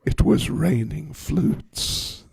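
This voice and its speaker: A man, a spiritual teacher, telling a story in a class, animated and wryly humorous. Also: a little high, extremely slow, gravelly, breathy edge, dry recording, clean studio sound.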